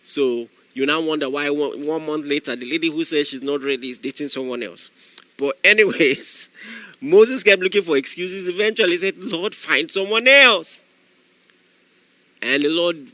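A male pastor delivers an impassioned sermon. His voice sits high and rings with a hard, cutting edge, and it is caught close and dry with no room around it. He drops to quiet asides, then rises to shouted exhortation. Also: no room sound.

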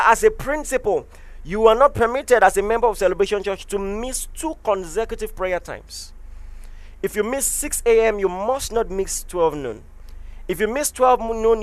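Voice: medium pitch, dry recording. A pastor preaching a sermon, emphatic and repeating key phrases for stress.

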